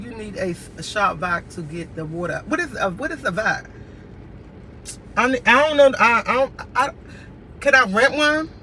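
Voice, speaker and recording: High-voiced, exasperated man venting. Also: sharp tone, a little hiss or hum, poor audio. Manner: exasperated, repetitive ranting. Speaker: vlogger. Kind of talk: casual venting vlog. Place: inside a car.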